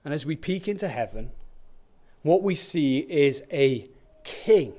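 A man's voice: on the high side, lively intonation, takes it slowly, dark tone. A man preaching a sermon in a church, talking conversationally with everyday illustrations and questions, and repeating words for emphasis. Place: church building with windows onto a car park.

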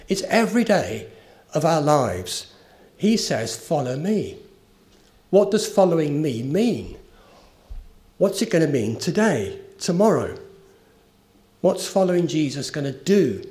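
A man's voice: fairly high pitch, a little mellow. A man preaching a sermon, earnest and emphatic, with a story told along the way. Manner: earnest, rising emphasis on key phrases.

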